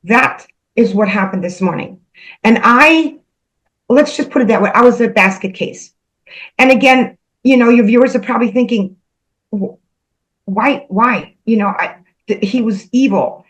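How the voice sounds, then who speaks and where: A woman earnestly recounting a spiritual experience, halting and repeating herself, emotional as she goes. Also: on the high side, poor audio. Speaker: spiritual channel host. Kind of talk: personal spiritual storytelling.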